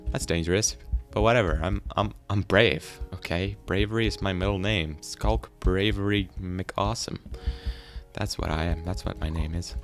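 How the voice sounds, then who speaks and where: Low-voiced man rambling through game commentary. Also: moderate pace, soft background music. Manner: rambling, goofy, self-deprecating, talks to animals. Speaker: gaming YouTuber.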